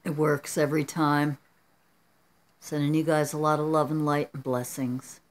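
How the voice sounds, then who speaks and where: Rambling, chatty woman vlogger, lowish voice. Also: little pitch movement, normal speed. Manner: chatty and rambling, often addressing viewers as "you guys". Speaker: artist vlogger. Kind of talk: casual vlog chat. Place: at home.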